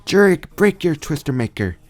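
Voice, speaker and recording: A man voicing a small manic gremlin-like alien obsessed with breaking machines, in a high-pitched voice. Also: sing-song, moderate pace, no echo, faint music behind. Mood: urgent.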